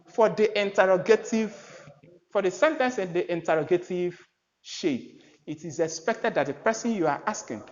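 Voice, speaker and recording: An English teacher with a lively pitch lectures his class on grammar, explaining by repeating and rephrasing points and reading out example sentences. The recording has a dull, lo-fi sound.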